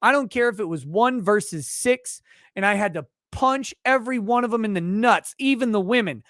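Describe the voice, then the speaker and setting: A man's voice: sits high, lively intonation, normal speed, fairly bright tone, no echo, clean studio sound. Profane ranting male legal commentator. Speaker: legal commentary show host. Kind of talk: livestream commentary rant.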